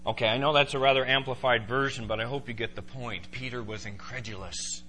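A man preaching a sermon to a congregation, emphatic and animated. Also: mid-range voice, brisk, few pauses, slight background noise. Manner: emphatic, rising to loud exclaiming in voiced quotes. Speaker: pastor.

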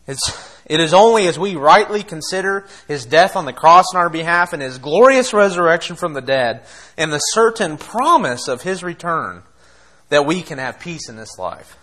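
A man preaching a sermon, impassioned, swinging between quiet asides and loud exhortation. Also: a little high, expressive, normal speed. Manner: impassioned, acts out quoted voices, laughs between points.

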